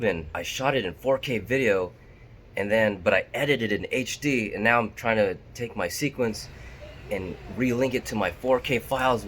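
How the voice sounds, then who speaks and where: A man's voice: lowish voice, fairly bright tone, a little hiss or hum. A man talking casually to his camera as a vlogger, candid and self-deprecating.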